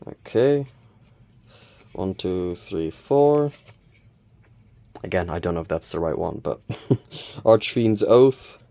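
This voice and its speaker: Low-voiced man reading out card names. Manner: relaxed, reads card names aloud, counts cards, mild self-corrections. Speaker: channel host opening card packs. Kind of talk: casual unboxing commentary.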